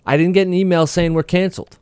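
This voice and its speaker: A man's voice: sits high, fairly even intonation, quick pace, darkish tone, clean tone, no room sound, studio quality. Laid-back young man bantering on a podcast. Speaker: podcast co-host. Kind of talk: casual chat. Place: podcast studio.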